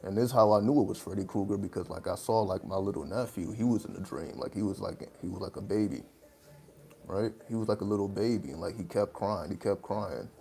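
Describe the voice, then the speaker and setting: A man's voice: fairly low pitch, fairly quick, warm tone. A man hosting a casual livestream, talking in a loose, rambling way with lots of fillers and laughing between points. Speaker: livestream host.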